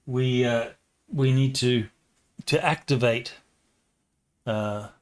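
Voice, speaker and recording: A man voicing an alien scientist who is entranced by strange machines, speaking in a halting, distracted way during a tabletop role-play. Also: mid-range voice, natural voice.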